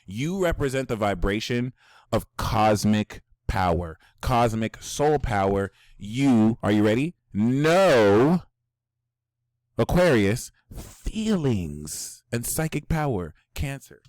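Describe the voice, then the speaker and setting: A man giving a personal astrology reading, excitable and slangy, swinging from hushed talk to excited shouts. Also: mid-range voice, slow pace, dry recording, clean studio sound.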